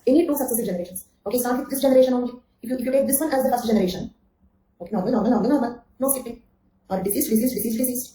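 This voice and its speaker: A woman's voice: fairly high pitch, dark tone, echoey room, a little hiss or hum, poor audio. A woman giving an online exam-coaching lecture, repeating key phrases, checking with "okay?" and calling on students by name. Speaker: anthropology teacher.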